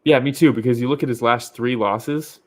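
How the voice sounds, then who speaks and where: A man's voice: mid-range voice, a little fast. Male podcast co-host, casual fight talk, swears and laughs freely. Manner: loose, profane, laughs often.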